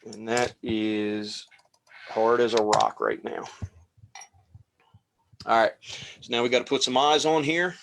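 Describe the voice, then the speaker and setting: A man casually talking through a fly tying demonstration as he works, relaxed and rambling. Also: medium pitch, takes it slowly, creaky, long pauses, slight background noise. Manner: relaxed, rambling, talks while working.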